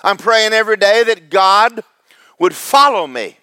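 High-voiced preacher man. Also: animated, measured pace, smooth. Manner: preaches with big swings from loud highs to low asides, joking with the congregation. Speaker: pastor. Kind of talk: sermon. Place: church sanctuary.

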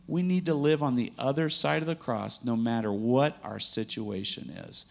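A man's voice: medium pitch, normal speed, gravelly, few pauses. A man preaching a sermon in an earnest, conversational way, laughing now and then between points.

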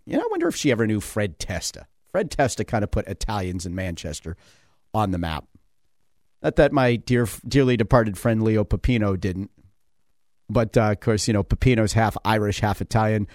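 A man's voice: fairly low pitch, a little mellow, no echo, clean studio sound. Chatty New radio host man. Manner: chatty, digressive, many fillers and chuckles. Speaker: radio talk show host. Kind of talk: casual rambling talk radio. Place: radio studio.

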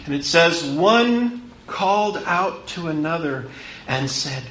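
A man delivers a sermon in a high, bright voice, slow and deliberate. He swells on key words, then drops low and hushed, repeating phrases for emphasis. The room around him is echoey. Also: expressive. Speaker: preacher.

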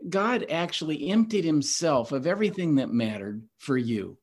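A man's voice: on the high side, lively intonation, normal speed, a little mellow, slightly rough. A man hosting a Bible teaching podcast, earnest and emphatic in a preacherly way. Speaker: host.

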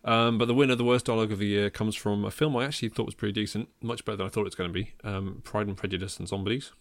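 Man with a low, dry voice. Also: fairly even intonation, very fast, no echo. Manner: wry, laughs at own jokes, many ums. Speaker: podcast host. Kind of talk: casual film chat.

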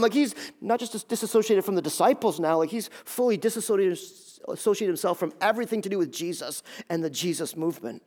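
A man preaching a sermon, animated and conversational, acting out scenes and talking straight to his listeners. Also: high voice, fairly quick, hardly any pauses. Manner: animated, acts out scenes in quoted voices; conversational, talks straight to the audience. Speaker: pastor.

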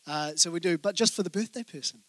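A middle-aged pastor delivers a sermon in a storytelling way, cracking jokes and turning to the congregation. His voice sits high and sounds bright and forceful. The sound is dry and close. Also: fast talker, dry recording. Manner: humorous storytelling, asides to the congregation. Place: church hall with congregation.

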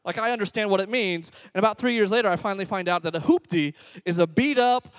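A man preaching a sermon as a youth pastor, energetic and exhorting, drawing the congregation into call-and-response. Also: high voice, fast, no echo. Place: church service before a congregation.

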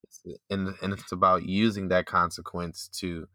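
A man telling a story in casual chat, animated and full of fillers. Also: sits low, normal speed, no room sound, clean studio sound. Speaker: podcast co-host, former teacher.

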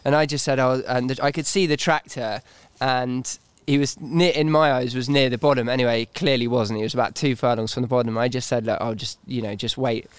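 A man, a racehorse trainer, telling a lively anecdote in casual chat with stammering restarts. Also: medium pitch, a little fast, hardly any pauses, clear, resonant tone, no echo. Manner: animated storyteller, stammering restarts, laughing through anecdotes. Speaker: racehorse trainer and podcast co-host.

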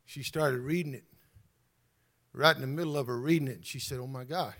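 A man's voice: mid-range voice, brisk, a bit bright. A man preaching a fervent sermon as pastor, calling out to his congregation. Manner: fervent, call-and-response preaching.

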